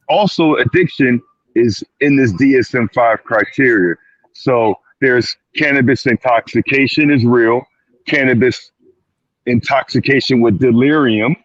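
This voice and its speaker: A man's voice: medium pitch, no room sound. A man talking as a clinician guest in an emphatic, insistent way. He repeats words and acts out little quoted asides. His voice comes through a dry, dull recording with no room sound. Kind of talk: panel discussion.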